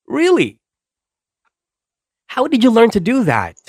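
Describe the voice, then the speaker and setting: A woman's voice: on the high side, huge pitch swings, slow, a little mellow, slightly rough, no room sound, studio quality. A woman hosting a casual chat, enthusiastic and easily impressed. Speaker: host.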